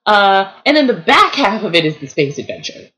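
A woman in her thirties co-hosting a casual movie chat, animated and full of fillers. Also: mid-range voice, brisk, rough recording. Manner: animated, lots of fillers, acts out reactions. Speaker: podcast co-host.

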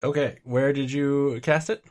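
A man's voice: medium pitch, fairly even intonation, measured pace, a little mellow. A man running a tabletop game as game master, giving brief, matter-of-fact rulings.

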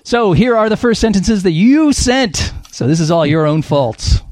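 Male comedy game-show host, a touch high, very animated, playful read-aloud delivery. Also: moderate pace, no room sound. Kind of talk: hosting a comedy panel game, reading book blurbs aloud.

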